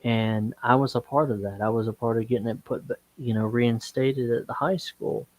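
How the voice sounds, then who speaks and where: A man's voice: medium pitch, steady tone, normal speed, darkish tone, dry recording, rough recording. Chatty man in his forties. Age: 40s. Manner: repeats words, acts out quoted dialogue. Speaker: guest, dating and business coach. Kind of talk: casual storytelling on a live stream.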